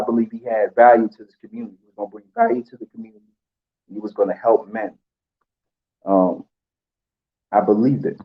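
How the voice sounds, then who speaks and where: A man giving an emotional tribute, halting with pauses and fillers as he holds back tears. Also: fairly low pitch, lo-fi sound. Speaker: channel host.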